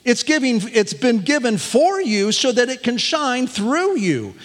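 Older male pastor, chuckling, folksy delivery, animated pitch, echo of a big room. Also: unhurried. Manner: folksy, self-deprecating, chuckling. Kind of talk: sermon.

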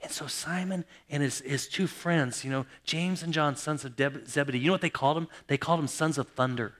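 A middle-aged man preaching from the pulpit with a bright, forceful voice that sits a little high for a man. He acts out the stories, bursting into loud exclamations and then dropping to hushed, nearly whispered lines. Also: fairly quick. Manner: dramatic storyteller, swings from loud exclamations to hushed near-whispers. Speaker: pastor. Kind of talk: sermon.

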